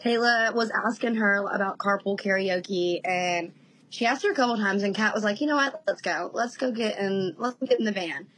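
A woman in her thirties, a guest in a casual interview, telling animated stories and laughing often. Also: mid-range voice, normal speed, slight background noise, low-quality recording.

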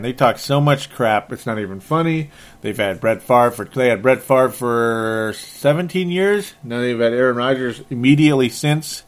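A man talking casually as a sports podcaster, rambling and sarcastic, correcting himself often and filling gaps with ums and short laughs. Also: mid-range voice. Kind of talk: casual football rant.

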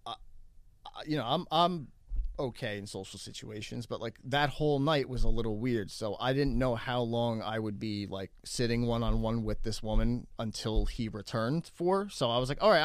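A man casually telling a story as a guest, animated and acting out what people said, with lots of fillers. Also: medium pitch, no room sound, studio quality. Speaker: comedian guest.

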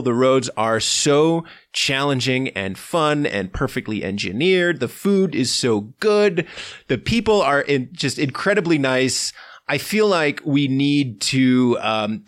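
A man in easy conversation on a cycling podcast, eager and chatty, working his thoughts out as he talks. His voice sits at an ordinary middle pitch. It is recorded close and dry, with no room sound. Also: a bit bright, dry recording. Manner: enthusiastic, chatty, thinks aloud. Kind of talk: casual chat.

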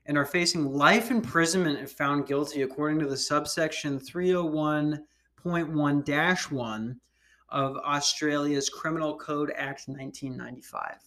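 Rambling comedic male podcast host. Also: fairly high pitch. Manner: rambling, animated, profane. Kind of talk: casual comedic commentary.

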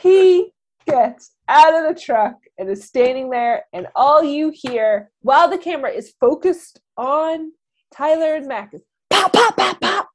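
Her voice sits high and moves a little slowly as she recaps a movie casually on the podcast she co-hosts. She tells the story with animation, acting out what the characters say along the way.

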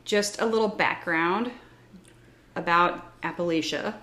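A woman's voice: on the low side, unhurried, sharp tone. A woman hosting a casual podcast, chatting with her co-host and reading facts from her notes. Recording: echoey room.

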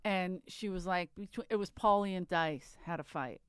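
A woman's voice: lowish voice, normal speed, clear, resonant tone, dry recording. A woman co-hosting a casual chat, telling a story with frequent restarts and asides. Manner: chatty, laughs often, trails off and restarts. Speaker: podcast co-host.

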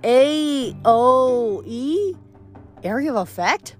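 A woman's voice: fairly high pitch, lively intonation, normal speed, a bit bright, soft background music. A woman reading aloud, voicing a teenage boy mechanic who talks in an offhand, joking way.

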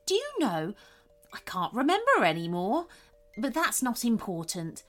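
A woman voicing a forgetful, kindly wizard cat who speaks in a musing, unhurried way. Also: a little high, wildly swooping pitch, fairly bright tone, faint music behind, heavily acted.

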